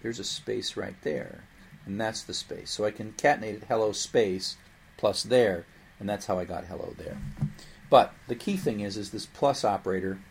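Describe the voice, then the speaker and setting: A male instructor with a low voice and a gravelly, creaky edge talks through programming concepts in a recorded lecture. His delivery is explanatory and lively, with playful asides along the way. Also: moderate pace, a little hiss or hum.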